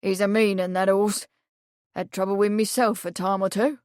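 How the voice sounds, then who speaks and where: A woman voicing a gruff, shaggy-headed male stable hand who talks in a rustic country dialect, in an audiobook. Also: medium pitch, little pitch movement, moderate pace, a little mellow, no echo, clean studio sound, close to an everyday voice. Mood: gruff, respectful.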